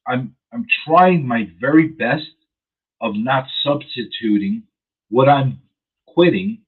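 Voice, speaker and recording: A man hosting a radio show in casual chat, rambling and chatty, chewing gum as he talks. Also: mid-range voice. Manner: chatty, rambling, animated when riled up. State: chewing gum while talking. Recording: phone-like narrow sound.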